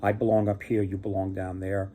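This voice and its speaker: A man's voice: on the low side, flat delivery, fairly quick, mellow, close to an everyday voice. A man voicing an aloof heavenly star maiden wife in a told myth, speaking bluntly.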